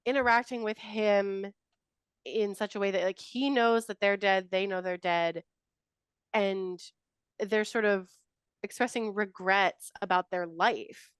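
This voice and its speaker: A woman with a smooth, clear voice co-hosts a casual podcast about a film. She talks in quick, engaged bursts, digs into what she found interesting and laughs often. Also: medium pitch, fairly even intonation, no echo, studio quality. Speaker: podcast co-host.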